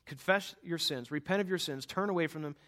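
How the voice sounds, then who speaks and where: A middle-aged man preaching in church, telling a personal story in a conversational way with halting restarts. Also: a little high, a bit bright.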